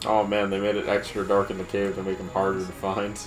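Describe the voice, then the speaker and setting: A man's voice: sits low, monotone, fairly quick, faint music behind. A young man casually commenting on a video game while playing, laughing often and swearing freely. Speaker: let's play host.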